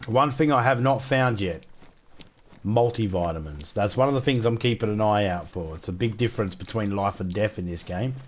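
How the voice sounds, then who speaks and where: A man's voice: lowish voice, moderate pace, slight background noise. Australian man joking crudely while streaming. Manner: joking, crude, swears freely. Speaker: game streamer. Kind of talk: casual live-stream chat while playing.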